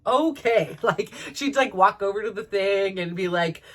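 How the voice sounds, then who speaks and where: A woman's voice: medium pitch, steady tone, normal speed, distant mic. A woman telling personal stories in a chatty way, laughing often and filling with "like". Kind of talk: personal storytelling.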